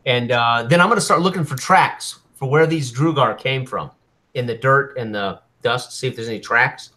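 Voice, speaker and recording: A man's voice: mid-range voice, moderate pace, bright, forceful tone. A man describing his character's actions at a tabletop game, stopping now and then to find words. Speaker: player. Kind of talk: tabletop role-play.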